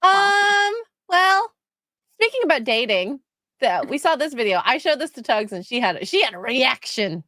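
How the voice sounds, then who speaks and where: A woman co-hosting a casual chat show, with a lively, chatty, self-deprecating manner. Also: high-pitched, moderate pace, dry recording. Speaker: podcast co-host.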